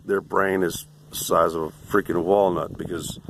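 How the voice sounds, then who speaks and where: A man in his sixties with a Central Texas accent, tired and hoarse, ranting to camera in a crude, boastful, abrasive way. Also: low voice, level tone, normal speed, noisy background. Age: 60s. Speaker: vlogger.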